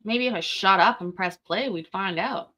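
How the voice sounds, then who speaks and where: A woman hosts a live reaction stream in a loose, rambling way and swears casually. Her voice sits at an ordinary pitch and has a bright, forward edge. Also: moderate pace. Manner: rambling, chatty, swears freely. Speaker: live-stream host reacting to a court show.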